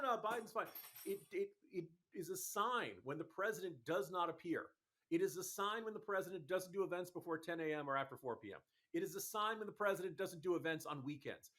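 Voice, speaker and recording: Exasperated, fast-arguing man, fairly high voice. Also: pushed and bright. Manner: fast, exasperated, emphatic argument. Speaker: political commentator guest. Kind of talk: talk radio interview.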